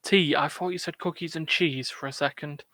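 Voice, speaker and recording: A man from England hosting a casual gaming podcast, rambling and quick to laugh. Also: on the high side, steady tone, bright, forceful tone, no room sound. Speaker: podcast host. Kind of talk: casual chat.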